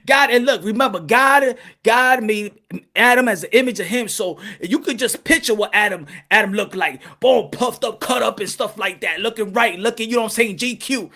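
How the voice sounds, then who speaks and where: A man's voice: high voice, pushed and bright. A man hosting a podcast, riffing animatedly in street slang and laughing often. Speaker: podcast host. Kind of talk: comic storytelling riff.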